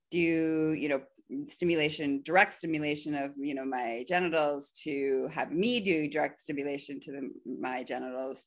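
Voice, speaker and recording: A woman speaking as a podcast guest, telling a frank personal story in an animated way with quick asides. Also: deep voice. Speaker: podcast guest, BDSM wellness specialist. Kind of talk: candid personal storytelling in conversation.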